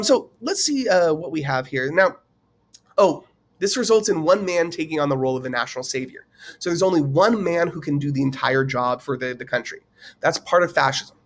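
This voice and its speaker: A man teaching in a casual, conversational way, with many fillers and questions put to the viewer. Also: high-pitched. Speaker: teacher explaining a political topic. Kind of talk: casual explainer lecture.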